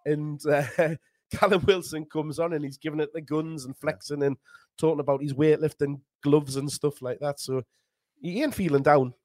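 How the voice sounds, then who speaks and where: A man on a football podcast, blunt and quick to laugh in casual chat. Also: on the high side, fairly even intonation, a little mellow, no echo. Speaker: podcast panelist.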